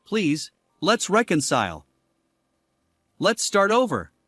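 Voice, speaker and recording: A man's voice: on the high side, big pitch swings, unhurried, fairly bright tone, no echo, studio quality. A man voicing a selfish, unfaithful husband who swings between anger and begging in a dramatized story. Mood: pleading. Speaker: husband character.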